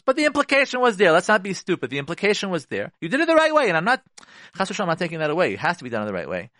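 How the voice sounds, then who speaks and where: A man gives earnest marriage advice on a radio show, speaking in a fairly high voice that rises and falls a great deal. He acts out both spouses and mixes in Yiddish and Hebrew terms. The sound is dry and close, with no room echo. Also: fairly bright tone.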